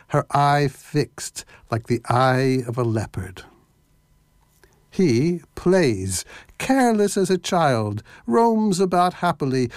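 Man reading a myth real slow, lingering on words, dry close mic. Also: medium pitch, darkish tone, no room sound. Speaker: narrator.

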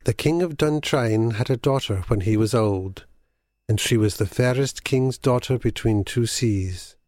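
Slow, solemn male storyteller. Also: medium pitch, a little mellow, dry recording, studio quality. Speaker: narrator. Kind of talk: scripted storybook narration.

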